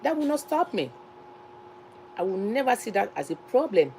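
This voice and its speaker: A woman's voice: medium pitch, big pitch swings, normal speed, darkish tone, a little hiss or hum, rough recording. Earnest Nigerian woman talking to camera. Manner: earnest, repeats herself, restarts phrases. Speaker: cooking channel host. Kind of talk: casual talk to camera.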